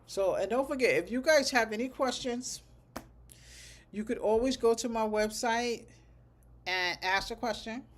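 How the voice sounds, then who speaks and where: A medical coding instructor leads a livestreamed class in a relaxed, conversational way, with a voice of middling pitch. Sentences keep ending in a checking "okay?", and code numbers are read out slowly and repeated, with the odd aside thought aloud. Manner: conversational, thinks aloud while teaching.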